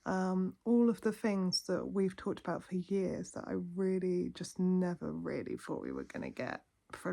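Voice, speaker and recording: A woman chatting softly to camera in her lounge at night, heartfelt and rambling. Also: lowish voice, vocal fry. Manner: soft-spoken, heartfelt, rambling. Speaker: vlogger. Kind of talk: casual chat to camera.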